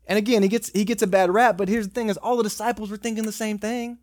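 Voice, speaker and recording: A man's voice: sits high, level tone, quick pace, a little mellow, no room sound, studio quality. A man, a pastor giving a casual sermon full of joking asides and acted-out dialogue. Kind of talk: conversational sermon.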